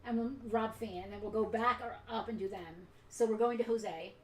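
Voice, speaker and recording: A woman hosting a live giveaway stream in casual chat, bubbly and quick to laugh. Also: medium pitch, fairly even intonation, reverberant, a little hiss or hum, rough recording. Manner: bubbly, laughs often, runs the list. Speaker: host of a live collectibles giveaway.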